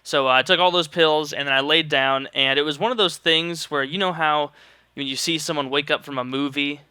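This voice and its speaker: A man's voice: a little high, fairly even intonation, fairly quick, bright, forceful tone, smooth, no room sound. A young man from St. Louis, Missouri, telling a rambling, joking story in casual vlog style and swearing freely. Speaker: vlogger.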